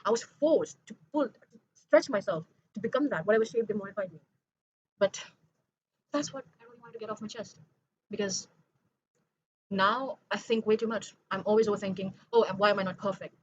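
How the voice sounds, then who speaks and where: A woman's voice: mid-range voice, normal speed, long pauses, dull audio, slight background noise. A young woman in a late-night confessional vlog monologue, rambling, correcting herself and earnest. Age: young adult. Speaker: vlogger.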